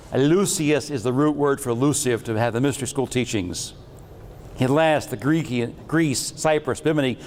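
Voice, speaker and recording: A man's voice: on the high side, in a large hall. A man giving a lecture with slides on metaphysics, talking in a rambling, jokey and irreverent way.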